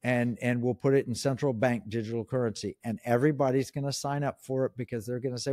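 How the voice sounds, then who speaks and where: A man's voice: mid-range voice, steady tone, fast, hardly any pauses, darkish tone, dry recording, clean studio sound. A middle-aged man speaking as a guest in an interview, emphatic and opinionated, with frequent restarts. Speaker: guest, economic commentator. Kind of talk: interview conversation.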